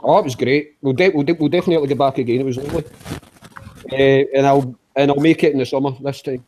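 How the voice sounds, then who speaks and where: A man's voice: medium pitch, quick pace, mellow, a little hiss or hum, poor audio. A man bantering and swearing in a casual group video chat, often stumbling and restarting his sentences. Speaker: chat participant.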